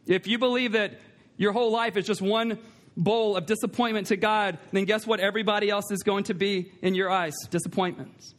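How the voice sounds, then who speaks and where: A man with a high voice preaching a sermon in a church. He speaks emphatically, repeats his key lines and puts questions to the congregation. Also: fairly even intonation, brisk. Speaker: pastor. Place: church sanctuary.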